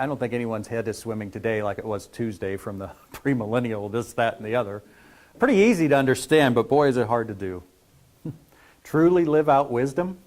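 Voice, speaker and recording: A man preaching a conversational sermon, asking his congregation questions as he teaches. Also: on the high side. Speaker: pastor.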